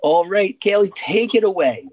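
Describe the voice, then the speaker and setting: A man's voice: high-pitched, animated, normal speed, a little mellow, dry recording. A man hosting an event, telling a joke and introducing a speaker, rambling with many fillers and restarts. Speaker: event host. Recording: dull, dry sound.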